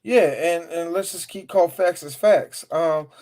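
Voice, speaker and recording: A man co-hosting a casual sports chat show, talking with animated, profane banter. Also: a little high, measured pace. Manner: animated, profane, mock voices. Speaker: podcast co-host.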